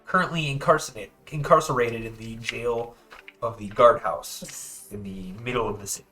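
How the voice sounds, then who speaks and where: A man narrating as game master in a tabletop game, jumping into loud character voices. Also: mid-range voice, moderate pace, faint music behind.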